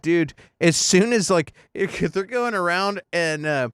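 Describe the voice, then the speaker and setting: A man co-hosting a podcast, chatting excitedly about movies with lots of fillers and laughs. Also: high-pitched, slow pace, hardly any pauses, clean tone. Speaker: podcast co-host. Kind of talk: casual chat.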